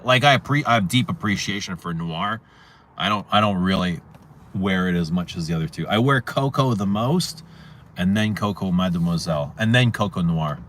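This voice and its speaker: A man's voice: on the low side, a bit bright. A man hosting a fragrance livestream, chatting casually, rambling and repeating himself as he answers viewer questions. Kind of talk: casual livestream chat reading viewer comments.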